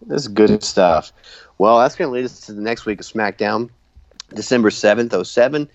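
A man's voice: fairly low pitch, normal speed, no room sound. A man casually recapping wrestling episodes, laughing often and acting out quoted lines. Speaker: podcast host. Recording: dull, dry lo-fi sound.

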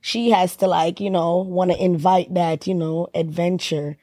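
A woman's voice: on the low side, fairly even intonation, normal speed, warm tone, no echo, studio quality. A woman co-hosting a casual podcast chat, talking in a playful, teasing way.

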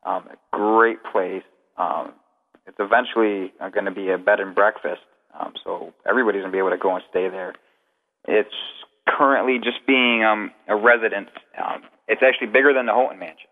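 A man's voice: on the low side, steady tone, brisk. A man, a guest paranormal investigator, telling rambling, detailed anecdotes in a casual interview over the phone. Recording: tinny phone line with long reverb.

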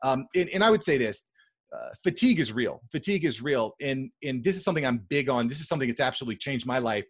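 A man speaks as a guest on a podcast, confident and direct. He likes to drive points home by repeating them, in a voice of ordinary pitch. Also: lively intonation, quick pace. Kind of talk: casual interview chat.

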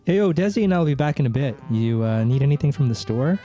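A man's voice: medium pitch, animated, fast, dark tone, soft background music. A man who wrote the script, chatting and playing along casually in an audio drama. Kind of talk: casual banter and improvised role-play.

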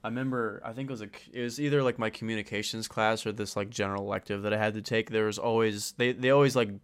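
A man's voice: lowish voice, fairly even intonation, fast talker, smooth. A young man co-hosting a podcast in casual chat, laughing often and cursing freely. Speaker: podcast co-host.

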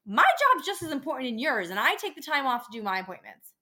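A woman's voice: sits high, very animated, quick pace, pushed and bright. A woman working in a dental office, venting about patients in a casual, profane rant on her own podcast. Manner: exasperated, profane ranting.

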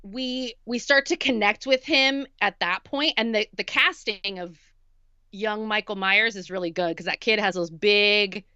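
A woman co-hosting a podcast, giving a measured, thoughtful take on a horror film. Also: mid-range voice, bright, forceful tone, clear, resonant tone, no room sound, highs cut off. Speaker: podcast co-host. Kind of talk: casual film discussion.

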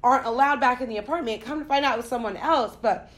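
A young woman from the United States telling a story in casual chat, profane and animated. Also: on the high side, quick pace.

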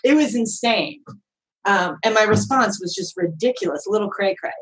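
A woman podcast guest telling a story in a chatty, animated way, often acting out voices with big swings in pitch. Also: moderate pace, rough recording. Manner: chatty, frequent fillers like "like" and "right?". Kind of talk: casual storytelling.

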